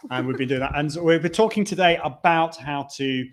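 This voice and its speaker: Chatty male live-stream host, higher voice. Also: fairly quick. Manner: chatty, with frequent restarts and asides, reading out viewer comments. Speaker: live video show host. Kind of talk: casual live-stream chat. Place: conference venue during a live broadcast.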